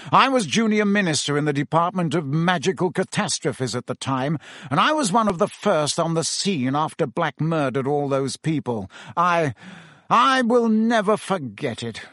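A man's voice: a little high, animated, moderate pace, a bit bright, no room sound, clean studio sound, voice pushed up. A man voicing a pompous, bustling middle-aged male minister who talks in a fussy, self-important way. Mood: earnest.

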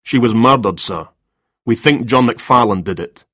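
A man's voice: mid-range voice, unhurried, fairly bright tone, no echo, studio quality. A man voicing a terse, coolly formal male detective inspector in an audiobook. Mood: firm.

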